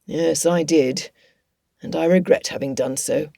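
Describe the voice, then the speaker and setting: A woman voicing an older gentle father in an audiobook, speaking slowly and soothingly in a lowered voice. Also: fairly even intonation, gravelly, dry recording, clean studio sound, full character voice. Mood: regretful. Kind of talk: audiobook character voice.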